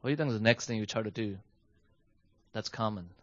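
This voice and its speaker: A man teaching a lesson, animated and questioning his listeners as he explains, switching between English and Mandarin. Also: fairly low pitch, fast, dull audio. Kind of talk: bilingual class lesson. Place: home with a basement.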